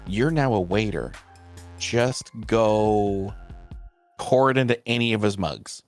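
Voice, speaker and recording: Exasperated animated player man. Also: on the low side, soft background music. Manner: quick, exasperated, swearing. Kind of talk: tabletop role-play chat.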